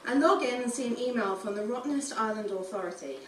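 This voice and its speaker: A woman reading a first-person novel aloud, with a wry, lively delivery. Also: a little high, quick pace, slight background noise. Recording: roomy room, distant mic.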